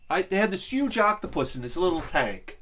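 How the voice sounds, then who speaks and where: A man's voice: sits high, sing-song, a little fast, a bit bright, a little hiss or hum. A man hosting his own channel, rambling through a casual comedic rant, joking and swearing freely. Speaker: channel host.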